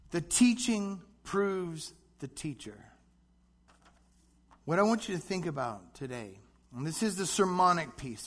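A man preaching a sermon, animated, acting out short voices as he goes. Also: on the high side. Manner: animated, acts out voices in quick asides. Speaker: pastor.

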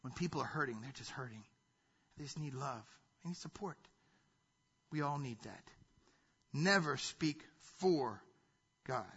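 A man's voice: mid-range voice, expressive, slow, long pauses, a bit bright, slightly rough. A man preaching a sermon from a church stage, emphatic and repetitive in his delivery. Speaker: pastor. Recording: dull lo-fi sound.

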